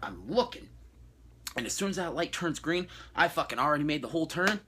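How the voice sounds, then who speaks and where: A man's voice: fairly high pitch, expressive, brisk, background noise. A young man ranting casually and profanely about his day, exasperated and blunt. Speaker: vlogger. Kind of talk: casual rant.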